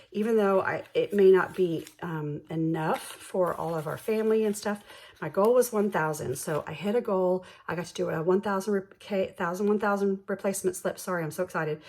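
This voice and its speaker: A woman who hosts a budgeting channel slowly counts bills aloud in a soft ASMR style for her vlog, her voice mid-range. Between counts she turns bubbly and self-deprecating.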